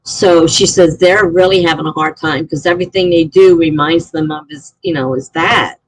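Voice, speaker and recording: A woman's voice: lowish voice, normal speed, slightly rough, no echo, rough recording. A middle-aged woman live streaming, telling a story in a rambling, chatty way with lots of fillers. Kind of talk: casual chat.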